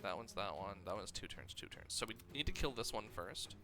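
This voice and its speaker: A man streaming a video game, chatting casually as he explains the mechanics and reacts with quick bursts of excitement. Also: fairly low pitch. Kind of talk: casual gameplay commentary. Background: game music.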